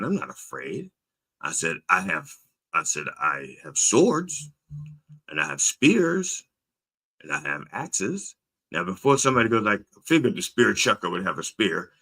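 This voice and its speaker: A man hosting his own show, telling stories in a lively, wandering way. His fairly low voice has a bright, forceful edge and swoops high and low as he acts out both sides of a phone call. He often repeats himself and starts over mid-sentence. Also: breathy edge. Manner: repeats words and restarts often. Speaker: host. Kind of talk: casual monologue.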